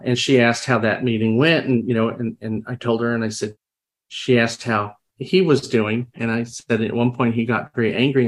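A man's voice: mid-range voice, creaky. A man sharing experiences in a reflective, conversational way, often restarting sentences and acting out quoted dialogue. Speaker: podcast guest, crisis responder. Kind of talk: conversational storytelling.

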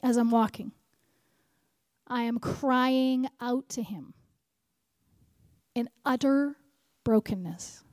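A woman preaching at a conference, animated, repeating key lines and asking the crowd questions. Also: fairly high pitch, slow, pauses often, no echo, clean studio sound. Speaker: conference speaker. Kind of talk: sermon.

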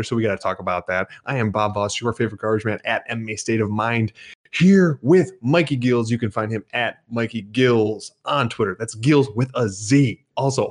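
Chatty male podcast host. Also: lowish voice. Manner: chatty, rambling promo talk. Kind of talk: live sports betting podcast.

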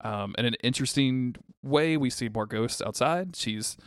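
A man's voice: mid-range voice, moderate pace, no room sound, clean studio sound. A young man co-hosting a podcast, recapping a show in casual, profane chat. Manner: laid-back, profane, laughs often, recaps plot with acted quotes. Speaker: podcast co-host.

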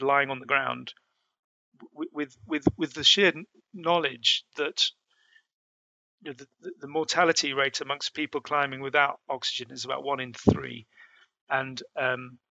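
A man, sounding and middle-aged, telling a harrowing climbing story in a halting, restarting way. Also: medium pitch, creaky, pushed and bright, no room sound. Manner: halting, with many restarts and fillers. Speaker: mountaineer telling his story. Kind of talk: casual spoken storytelling.

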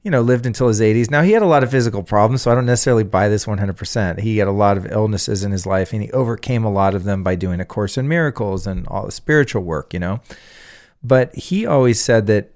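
Podcast host, male, lowish voice, loose profane storyteller. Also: fast, darkish tone. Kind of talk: casual podcast conversation.

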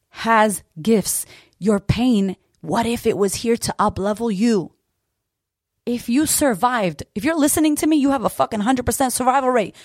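A woman's voice: on the high side, dry recording, studio quality. Fervent, swearing woman podcast host. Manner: emphatic, profane, repetitive. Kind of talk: motivational monologue.

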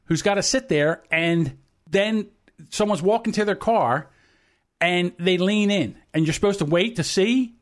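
A man's voice: high-pitched, a little slow. Blunt, profane man around sixty. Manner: profane, blunt anecdote-telling. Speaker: podcast co-host. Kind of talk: casual chat, storytelling.

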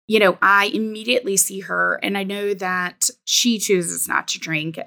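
Bright, gravelly-edged woman telling her story. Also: medium pitch. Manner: candid, reflective, many "you know" fillers. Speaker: business coach, guest. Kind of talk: personal storytelling in interview.

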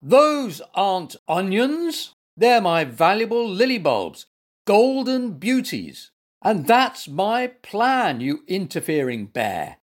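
A man's voice: sits high, big pitch swings, slow pace, voice pushed up, full character voice. A man voicing a cranky male gardener who roars and thunders at a bear. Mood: angry. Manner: roaring, thundering.

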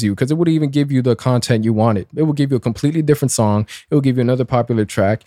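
A man in his twenties hosting a casual commentary show, sarcastic and blunt, with lively swings in pitch. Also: fast, hardly any pauses, no room sound, clean studio sound. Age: 20s. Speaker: commentary host.

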